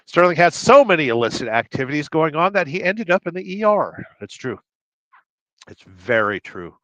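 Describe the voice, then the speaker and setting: This livestream host speaks at a fairly high pitch with a sing-song lilt, a normal pace and a fairly bright tone. He rambles, jokes, and reads viewers' chat names and comments out loud, all in a dull, dry recording.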